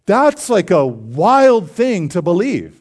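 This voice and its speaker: A man's voice: high voice, wildly swooping pitch, slow pace. A man preaching a sermon as a pastor. He speaks in an earnest, conversational way, tells stories with humor and acted-out dialogue, and builds to emphatic declarations.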